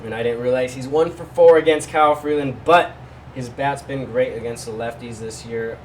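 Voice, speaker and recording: A man's voice: mid-range voice, fairly even intonation, normal speed, far from the mic, a little hiss or hum, poor audio. A man hosting a casual betting picks vlog, talking loosely with jokey asides to his viewers. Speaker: sports betting host.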